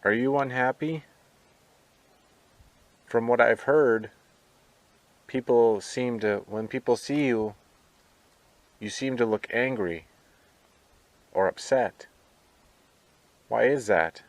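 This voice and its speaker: Slow-talking ghost hunter outdoors. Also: male voice, mid-range voice, dry recording. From United States. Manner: gentle, coaxing, asks questions aloud to an unseen presence. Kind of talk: paranormal investigation vlog. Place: outdoor cemetery in a forest.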